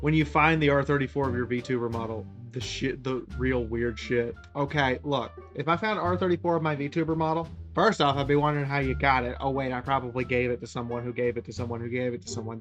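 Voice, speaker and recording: A woman streamer reacting to memes in a loose, excitable way, swearing and riffing freely. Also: rumbling low, a little fast, faint music behind. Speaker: VTuber streamer. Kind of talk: meme reaction commentary.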